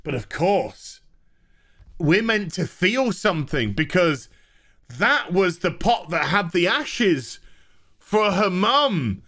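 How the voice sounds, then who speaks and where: A man tears into a TV episode with exasperated sarcasm. His voice is bright and fairly high, and he talks in a slow, drawn-out way. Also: sing-song. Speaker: TV reviewer. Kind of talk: ranting TV review.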